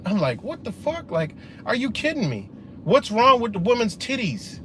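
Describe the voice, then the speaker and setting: A man's voice: high voice, a little hiss or hum. A man hosting a casual livestream, ranting with lots of profanity and answering viewer comments. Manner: profane, animated, talks back to comments. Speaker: livestream host.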